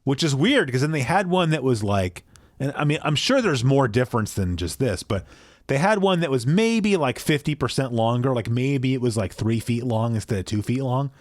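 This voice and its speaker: A man's voice: mid-range voice, sing-song, moderate pace, no room sound, studio quality. A man co-hosting a podcast from his small home basement, chatting casually in a rambling, self-deprecating way, apparently over a video call. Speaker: podcast co-host. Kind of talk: casual chat.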